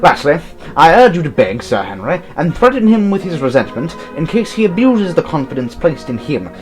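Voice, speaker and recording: A man's voice: on the high side, sing-song, moderate pace. A man voicing a scheming general reading out his formal, self-serving letter in an amateur audio drama. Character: scheming male general writing a treasonous letter. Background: music.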